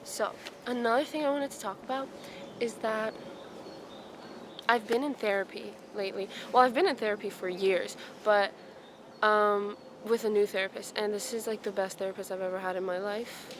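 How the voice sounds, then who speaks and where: A young woman vlogging outdoors in a forest, talking in a soft, reflective, rambling way with many ums and self-corrections. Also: medium pitch, steady tone, moderate pace, background noise. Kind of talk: casual vlog chat.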